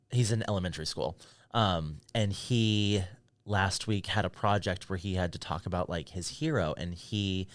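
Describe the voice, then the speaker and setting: A man's voice: lowish voice, no room sound. A man co-hosting a podcast, talking casually with fillers and easy laughs. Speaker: podcast co-host. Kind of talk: casual chat.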